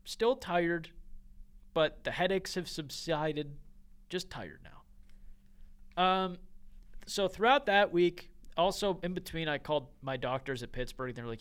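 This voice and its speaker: A man's voice: on the high side, takes it slowly, long pauses, clear, resonant tone. A young man, a podcast co-host, telling a story in casual chat, full of "like" and laughing as he goes. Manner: animated, heavy use of "like", laughs while telling stories.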